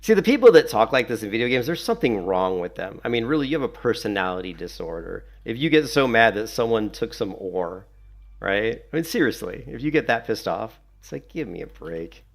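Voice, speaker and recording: A man's voice: on the low side, big pitch swings, fairly quick, gravelly. A man giving casual, sarcastic gameplay commentary while he plays. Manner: chatty, sarcastic, mocking. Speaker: gaming video creator.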